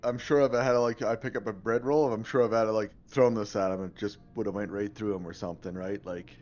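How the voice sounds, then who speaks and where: A man's voice: lowish voice, fairly even intonation, fast, darkish tone, highs cut off. A man playing a tabletop game, chatting casually and rambling with lots of fillers. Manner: rambling, many fillers, laughs often. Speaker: player.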